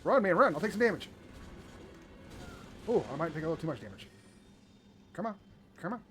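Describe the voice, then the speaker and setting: A man with a high, very lively voice calls out his moves as he plays a video game. His commentary is playful and full of exclamations. Faint noise sits under the recording. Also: a little fast. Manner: playful, animated, exclaiming often. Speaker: gaming video host. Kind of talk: excited gameplay commentary.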